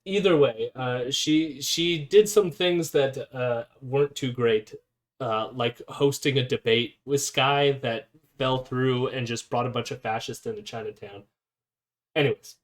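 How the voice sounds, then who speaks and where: A man's voice: medium pitch, unhurried. A man hosting a casual live stream, reading an article aloud and commenting with fillers and self-corrections. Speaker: streamer host.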